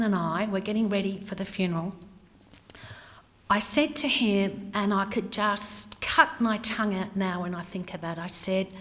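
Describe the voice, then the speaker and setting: Speaking candidly about her own life, a middle-aged Australian woman sometimes falls to whispers to stress a point. She has a medium-pitched, somewhat bright voice, recorded in a hall with long reverb.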